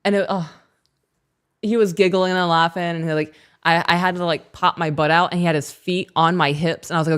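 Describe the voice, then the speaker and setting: A woman co-hosting a podcast, chatting casually and telling family stories in an animated way. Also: fairly low pitch, fairly quick, clear, resonant tone. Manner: chatty storyteller, animated retelling. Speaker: podcast co-host. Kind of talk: casual chat.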